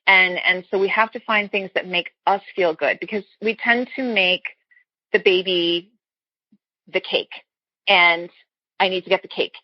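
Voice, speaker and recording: Husky-voiced woman coach, earnest and explanatory. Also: on the low side, unhurried, no room sound. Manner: earnest, explains with everyday analogies, frequent restarts. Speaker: fertility coach guest. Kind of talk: casual interview chat. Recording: dull, lo-fi sound.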